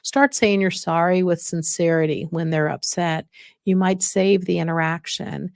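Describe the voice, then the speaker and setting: A woman's voice: on the low side, steady tone, normal speed, creaky, a little mellow, dry recording, clean studio sound. A woman hosting a casual advice podcast on dementia care, encouraging and often checking in with listeners.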